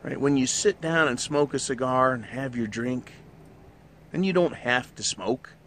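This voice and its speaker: A man's voice: mid-range voice, a little slow, fairly bright tone, slight background noise. A middle-aged man hosting his own show, delivering a blunt, profanity-laced monologue in a ranting manner. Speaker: show host. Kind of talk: opinionated monologue.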